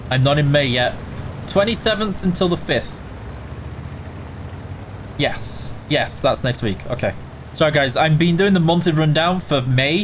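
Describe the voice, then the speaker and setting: Over slight background noise, a man with a somewhat high voice streams a game and works through his chat. He's yawning and worn out, reading each question aloud before answering offhandedly with fillers.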